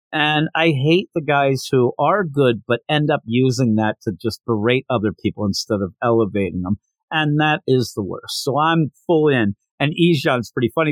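A man's voice: mid-range voice, no echo. Chatty man reviewing manga, dry close sound. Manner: chatty, opinionated, recaps scenes. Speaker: podcast host reviewing manga. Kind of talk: casual review commentary.

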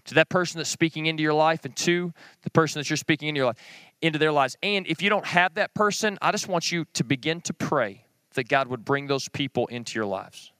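A middle-aged man, teaching a men's group in an earnest, plain-spoken sermon with quick short phrases. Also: a little high, expressive, bright, forceful tone, no room sound. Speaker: Bible teacher.

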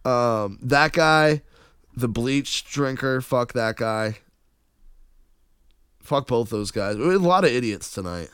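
Smooth-voiced crude joking man. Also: medium pitch, expressive, takes it slowly, long pauses, a bit bright, no echo, studio quality. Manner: crude, joking, laughs often. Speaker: podcast host. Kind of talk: casual podcast banter.

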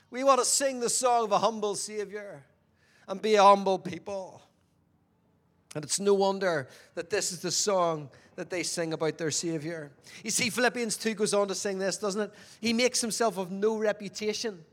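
Brief: a man delivering a sermon, fairly high voice, engages listeners with questions, shifts from forceful to hushed. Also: moderate pace. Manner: questions the audience, swings between loud emphasis and quiet. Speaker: preacher.

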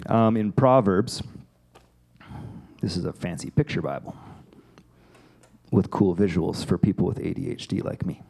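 A man giving a casual, conversational sermon, animated and chatty as he acts out a Bible story. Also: low voice, unhurried, gravelly, pauses often, slightly rough. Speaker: pastor.

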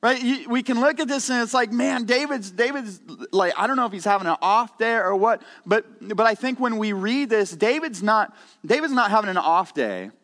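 A man's voice: high-pitched, expressive, moderate pace, fairly bright tone, big-room sound. A man preaching a conversational sermon in a church, earnest and candid, often repeating words as he goes. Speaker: pastor. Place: church sanctuary.

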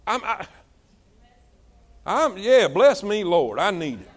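A male pastor preaching a sermon. He calls to the congregation for responses and swings between shouted exhortation and low, hushed asides. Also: big pitch swings, slow pace.

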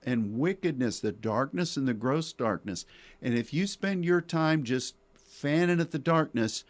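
A man hosting Christian radio talk, preaching emphatically with rhetorical questions and repeated words. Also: mid-range voice.

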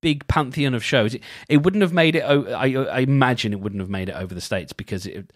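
Rambling British man, chatty and animated. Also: mid-range voice, brisk, few pauses, no room sound, clean studio sound. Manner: rambling, animated, self-interrupting. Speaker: podcast host. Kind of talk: casual solo chat.

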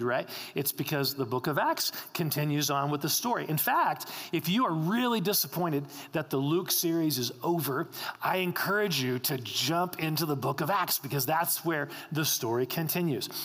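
A man's voice: a little high, fairly bright tone. A male pastor preaching a sermon, emphatic, repeating key lines for stress. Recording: long hall reverb.

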